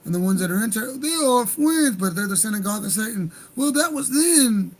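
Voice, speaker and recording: High-voiced man ranting heatedly. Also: lively intonation, a little fast, low-quality recording. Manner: heated, profane, rambling. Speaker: livestream host. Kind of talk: angry livestream rant.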